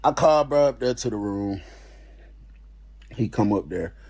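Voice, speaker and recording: A man telling a story in a casual, animated way, full of slang and swearing. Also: on the low side, measured pace.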